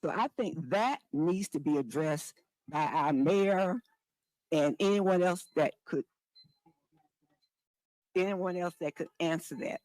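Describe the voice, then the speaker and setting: A man speaks at a village board meeting in a measured but pointed way. His voice sits a little high, and the recording is close and dry. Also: darkish tone, no room sound, poor audio. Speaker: resident speaking at public comment. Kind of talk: public comment.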